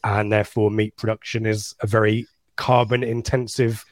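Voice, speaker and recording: A man's voice: lowish voice, little pitch movement, normal speed, dry recording. A man hosting a casual football podcast, chatty and rambling, laughing at his own slips. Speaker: podcast host.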